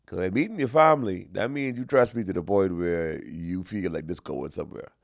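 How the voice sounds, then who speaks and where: A young man doing a stand-up comedy routine, animated and slangy, on a stage microphone. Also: low voice, fairly quick, vocal fry, no room sound, studio quality. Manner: animated, repetitive, slangy storytelling.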